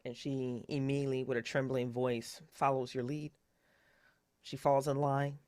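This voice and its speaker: A woman narrating a horror tabletop game as game master in a calm, measured way. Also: a bass voice, no room sound.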